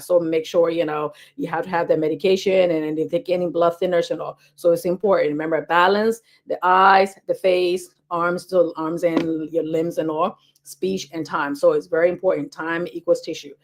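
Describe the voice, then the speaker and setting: A woman health educator talking fast and casually to camera, repeating key points with lots of fillers. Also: on the low side, fairly even intonation. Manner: talks fast.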